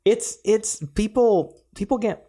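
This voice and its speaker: A man's voice: high voice, measured pace, dark tone. A young man co-hosting a podcast, chatting casually and filling his talk with "like" and "yeah.". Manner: chatty, filler-heavy with "like" and "yeah". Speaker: podcast co-host. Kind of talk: casual chat.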